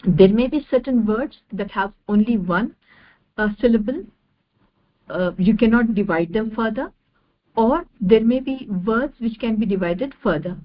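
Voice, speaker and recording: A woman giving an online lecture over slides, measured and repeating each definition step by step. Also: on the high side, dull audio.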